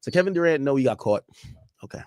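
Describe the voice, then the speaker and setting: A man's voice: medium pitch, quick pace, background noise. A young man streaming a casual reaction, rambling and swearing freely as he riffs to his chat. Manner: animated, profane, rambling banter with chat.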